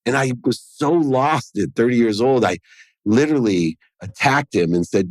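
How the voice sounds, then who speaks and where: A man appears as a podcast guest and earnestly tells a personal story, acting out the dialogue in it. His mid-range voice is expressive and darkish, at a moderate pace, in a dry recording.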